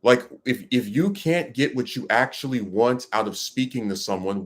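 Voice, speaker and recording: A man's voice: mid-range voice, animated, moderate pace. A man giving ranting commentary to his audience, emphatic and rambling, with many restarts.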